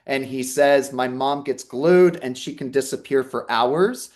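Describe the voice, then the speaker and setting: A man's voice: mid-range voice, a little slow, darkish tone. Earnest man giving a reading. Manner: earnest, reassuring, relays messages in quotes. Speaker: psychic medium. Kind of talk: live online talk and reading.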